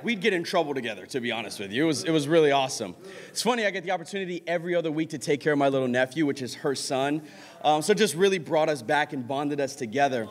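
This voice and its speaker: A man preaching a midweek sermon, telling stories in an animated way and breaking into shouts. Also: a little high. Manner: animated storytelling, bursts into shouts. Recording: reverberant hall.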